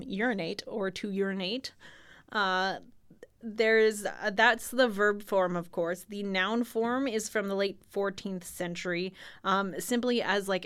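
A young woman chats and reads definitions off her screen, stumbling over words and laughing as she goes. Her voice is smooth and clear, at an ordinary middle pitch for a woman. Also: a bit bright. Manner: giggly, loose, reads out definitions with stumbles and fillers. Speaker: podcast co-host. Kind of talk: casual chat reading word definitions.

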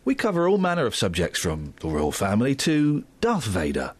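A man's voice: lowish voice, wildly swooping pitch, moderate pace, breathy edge, dry recording. A man hosting a jokey breakfast radio show, teasing his co-hosts with mock outrage.

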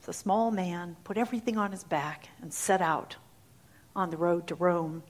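A woman preacher telling a story in her sermon, in an animated, dramatic manner. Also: fairly low pitch, moderate pace. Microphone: handheld or clip mic.

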